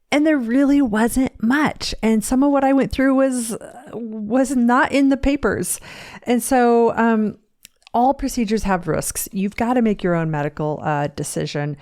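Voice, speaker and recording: A woman's voice: on the high side, slow, a little mellow, no room sound, studio quality. A woman hosting a podcast and talking frankly from her chair into a microphone, joking often and stumbling through many fillers and restarts. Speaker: podcast host and fitness coach. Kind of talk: candid personal podcast monologue. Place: seated at a home podcast desk. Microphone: studio microphone, seated.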